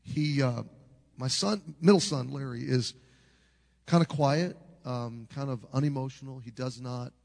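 A man's voice: medium pitch, a little slow, creaky, darkish tone. A middle-aged man preaching a sermon as a pastor, telling a story in an earnest, conversational way with frequent restarts. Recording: long reverb of a large hall.

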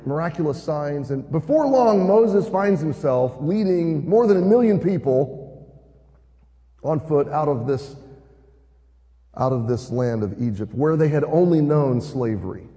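Preacher in a reverberant hall. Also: male voice, medium pitch, warm tone. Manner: earnest, retells the story with rising emphasis. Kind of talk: sermon.

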